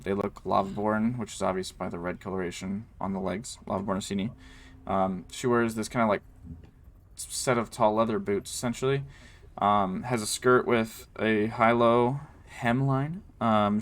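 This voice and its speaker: A man running a tabletop game as game master, narrating in a loose, rambling way full of ums and likes. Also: lowish voice.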